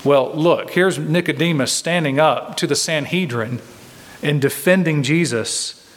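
Male pastor, emphatic sermon delivery, slightly high voice, long hall reverb. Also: measured pace. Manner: earnest, emphatic, repeats phrases for stress. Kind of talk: expository sermon.

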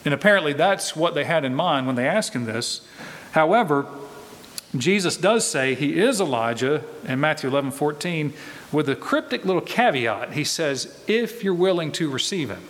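A pastor preaching a verse-by-verse sermon, teaching in a conversational way and asking rhetorical questions. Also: male voice, on the high side, lively intonation, moderate pace, a bit bright, long reverb tail. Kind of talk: expository sermon.

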